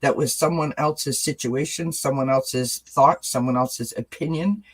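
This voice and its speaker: A man's voice: mid-range voice, a little slow, slightly rough. Brief male host, casual chat, mid-range voice, candid and earnest, addresses viewers directly. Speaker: channel host.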